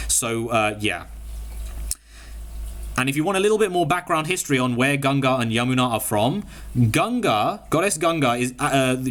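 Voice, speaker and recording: A man with a mid-range voice, talking through a casual explainer for his viewers. He gets there slowly, full of "uh" and "um," restarting his sentences and spelling names out one letter at a time. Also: mid-range voice, fairly bright tone. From Malaysia. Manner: hesitant, halting with many fillers and restarts. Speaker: gaming video creator.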